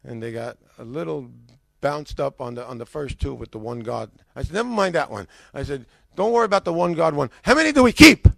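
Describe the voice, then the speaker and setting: A man's voice: mid-range voice, fairly quick, gravelly, few pauses, dry recording. An older man with an American accent, a former pastor, casually telling his story and acting out the dialogue with a rising voice. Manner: animated, acts out dialogue with rising voice.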